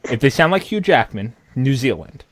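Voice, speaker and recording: A man co-hosting a gaming podcast, talking in a loud, profane, ranting way. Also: medium pitch, sing-song, normal speed, dry recording. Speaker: podcast co-host. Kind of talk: casual chat.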